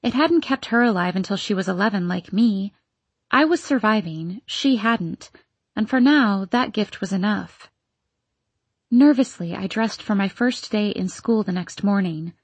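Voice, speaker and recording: A woman reading a novel aloud in steady scripted narration. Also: mid-range voice, a little slow, husky, dry recording. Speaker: audiobook narrator.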